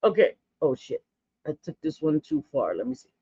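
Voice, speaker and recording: A woman's voice: low-pitched, wildly swooping pitch, normal speed, gravelly, mellow, husky, no room sound. Forties woman vlogger, blunt gossipy chatter, dry, slightly dull home recording. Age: 40s. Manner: blunt, gossipy, dramatic asides. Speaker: makeup vlogger. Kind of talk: casual chatty makeup tutorial.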